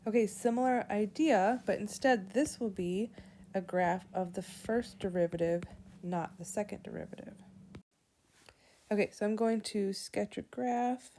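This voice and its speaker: Slow, mellow woman teaching math. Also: medium pitch. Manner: slow, deliberate, walks through steps aloud. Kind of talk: whiteboard lesson explaining calculus.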